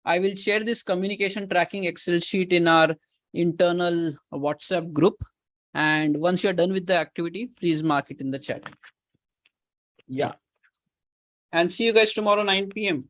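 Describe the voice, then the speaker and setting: Speaking at a moderate pace in a high, somewhat bright voice, a male career coach with an Indian English accent leads a live Q&A session online. He gives directions, drives home his main advice by repeating it and slips in Hindi words, all in a dry recording.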